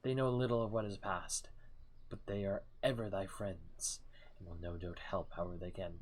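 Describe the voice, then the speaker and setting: A man streaming a role-playing game, reading its dialogue aloud in a low-key, halting way with mumbled asides. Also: level tone, low-quality recording.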